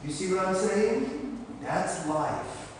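A man leading a children's sermon, then moving to the prayer time, in an animated, playful way. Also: high-pitched, slow, a little hiss or hum. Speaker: pastor. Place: church sanctuary. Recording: echoey hall from far off.

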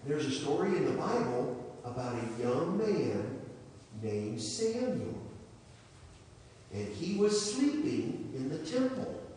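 A man giving a children's sermon as pastor, telling a story in an animated way and asking questions. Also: a little high, takes it slowly, a little hiss or hum. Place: church sanctuary. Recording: echoey church hall, mic far off.

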